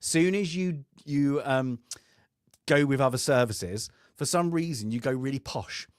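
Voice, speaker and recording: A man's voice: medium pitch, measured pace, dry recording, clean studio sound. Chatty man telling a service story. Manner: chatty storyteller who laughs often and acts out quoted voices. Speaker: co-host of a film review podcast. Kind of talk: casual chat, telling an anecdote.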